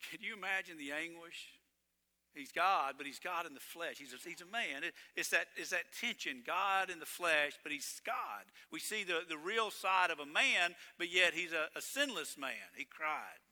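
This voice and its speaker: A man preaching a sermon as pastor, swinging between loud emphatic lines and hushed ones. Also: a little high, lively intonation, normal speed, long reverb tail.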